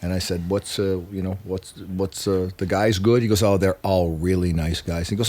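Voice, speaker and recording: Low-voiced male musician guest, casual and profane, animated storyteller. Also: fairly quick, hardly any pauses. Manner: animated, swears freely, acts out quotes.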